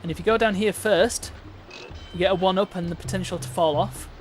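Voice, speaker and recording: A man's voice: high voice, fairly even intonation, brisk, music in the background. Chatty man streaming a game. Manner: chatty, playful and self-mocking. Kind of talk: live game-stream commentary.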